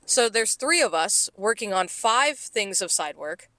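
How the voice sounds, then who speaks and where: A woman in her thirties, a restaurant server co-hosting a podcast, telling work stories in animated, profane casual chat. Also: medium pitch, a little slow, dry recording. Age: 30s. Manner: animated, profane, acts out coworkers' lines.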